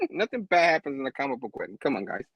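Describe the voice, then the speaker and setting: A man casually recapping a comic book, laughing often and acting out the characters in quick voices. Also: mid-range voice, wildly swooping pitch, husky, no room sound, dull audio.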